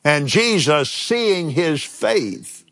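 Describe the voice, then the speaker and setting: An older man preaching a sermon, telling a personal story in an animated way and chuckling now and then. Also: a little high, extremely slow.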